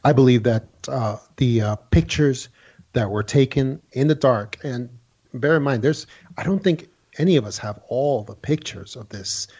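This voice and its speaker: A man who is a former FBI agent, speaking as a radio guest in a measured way, hedging with fillers. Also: mid-range voice, dark tone, breathy edge, lo-fi sound. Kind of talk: casual interview talk.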